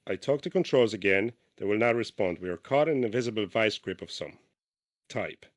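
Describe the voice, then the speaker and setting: Male podcast co-host, lowish voice, casual reader who stumbles and restarts. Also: expressive. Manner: reads haltingly with restarts, breaks off to comment. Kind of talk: casual podcast chat, reading a diary aloud.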